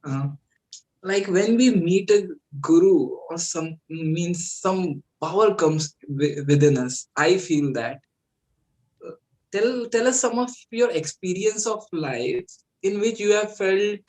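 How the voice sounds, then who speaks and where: A male interviewer asking halting questions, rephrasing them with fillers. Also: high-pitched, a little mellow, low-quality recording.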